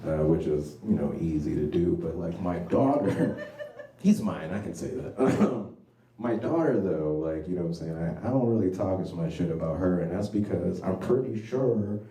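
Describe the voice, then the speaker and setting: Animated, mellow-voiced male stand-up comic. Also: sits low, moderate pace. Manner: animated storytelling with frequent "you know what I'm saying". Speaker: stand-up comedian. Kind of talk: stand-up comedy. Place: small comedy club. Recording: echoey room, distant mic.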